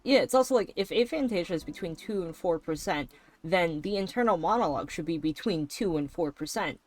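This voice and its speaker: A woman's voice: fairly low pitch, lively intonation, brisk, a little mellow. A woman streamer chatting casually and rambling while she draws, swearing now and then. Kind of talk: casual chat while drawing. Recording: faint background music.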